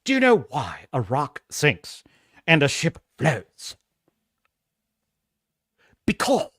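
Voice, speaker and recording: A man puts on a plummy posh English voice, drawn out and melodramatic, with every syllable curled around the accent. The sound is bright and dry, close to the mic. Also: on the high side, wildly swooping pitch, slow pace, slightly rough, no echo, pitched below the performer's own voice, exaggerated voice. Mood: pompous. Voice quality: exaggerated, melodramatic, over-enunciated.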